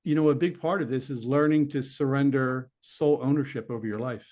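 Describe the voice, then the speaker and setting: A man's voice: medium pitch, a little fast, darkish tone. A middle-aged man, a former detective, telling a long personal story in an earnest, rambling way, acting out his own inner voice. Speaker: interview guest, former police detective turned psychic medium. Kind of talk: conversational storytelling.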